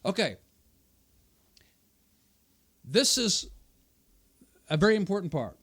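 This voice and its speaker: Man, combative video commentary, slightly high voice, emphatic repetition. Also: very animated, takes it slowly, a bit bright, slightly rough. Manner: combative, rebutting quoted remarks with emphatic repetition. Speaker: channel host. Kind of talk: argumentative commentary on a debate video.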